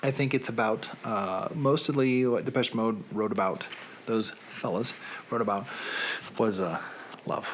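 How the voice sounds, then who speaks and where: A man's voice: fairly low pitch, a little slow, fairly bright tone, a little hiss or hum. A man who hosts a radio show, talking in a casual, rambling monologue full of digressions.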